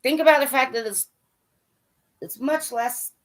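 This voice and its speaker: A woman's voice: high voice, measured pace. A woman hockey fan giving a blunt, profane, scolding rant straight to camera. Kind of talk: ranting monologue to camera.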